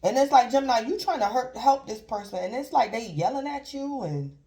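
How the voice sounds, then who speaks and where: A woman's voice: high-pitched, very animated, normal speed, gravelly, few pauses, warm tone. Rambling woman giving a tarot reading. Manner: rambling and repetitive, filler "like", chuckles; acts out imagined callers in brief quoted voices. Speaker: tarot reader. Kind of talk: casual tarot reading monologue.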